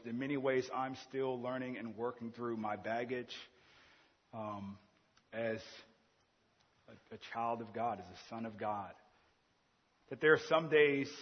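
A man in his thirties preaching a sermon, earnest, swinging between loud emphasis and quiet, intimate asides. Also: mid-range voice, husky, long reverb tail, muffled recording. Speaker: pastor.

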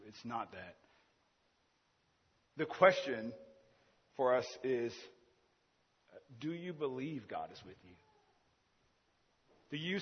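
A man's voice: mid-range voice, breathy edge. A man preaching a sermon in a church, earnest and driving his point with repeated rhetorical questions. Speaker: pastor. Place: church sanctuary. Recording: dull, echoey church hall sound.

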